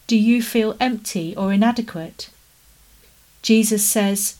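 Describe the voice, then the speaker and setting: Brief: soft-spoken woman preacher, mid-range voice, calm and unhurried. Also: medium pitch. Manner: gentle, measured, slowing into soft prayer. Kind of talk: sermon.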